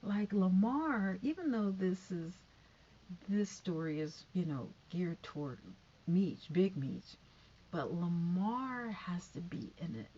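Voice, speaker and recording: A woman's voice: lowish voice, sing-song, slow pace, dark tone, highs cut off, a little hiss or hum. A woman casually recapping a TV episode, rambling with lots of fillers and tangents.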